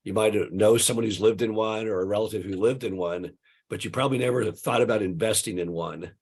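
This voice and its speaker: A man in his sixties, hoarse and gravelly from the flu, giving a relaxed talk full of "uh" fillers over a video call. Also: on the low side, fast talker. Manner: relaxed storytelling with many "uh" fillers. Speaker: guest speaker. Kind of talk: conversational webinar presentation.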